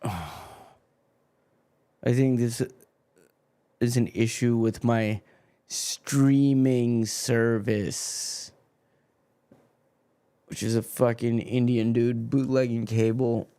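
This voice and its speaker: Slow-talking, grumbling watchalong host. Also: male voice, mid-range voice, steady tone, warm tone. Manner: swearing, grumbling over a freezing stream. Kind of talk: live-stream commentary.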